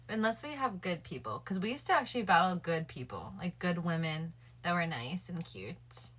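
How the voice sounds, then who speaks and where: A woman's voice: fairly low pitch, sing-song, moderate pace, fairly bright tone, husky. A woman livestreaming late at night, chatting casually with her viewers and thinking aloud. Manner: chatty, addresses her viewers and chat directly.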